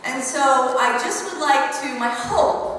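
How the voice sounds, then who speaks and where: A woman in her forties telling a story on stage in an animated way, laughing through the funny parts. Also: high voice, slow pace, a little hiss or hum. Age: 40s. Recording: echoey hall from far off.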